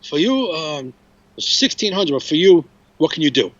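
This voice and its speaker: A man's voice: a little high, sing-song, moderate pace, a bit bright, dry recording, muffled recording. A man voicing an old Italian landlord with a thick Italian accent, speaking in short blunt phrases. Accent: thick Italian accent put on.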